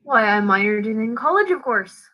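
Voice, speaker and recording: A woman playing a smug, know-it-all male pirate crewman in a student stage play, speaking rough pirate slang. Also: a little high, lively intonation, moderate pace, dull audio, close to an everyday voice.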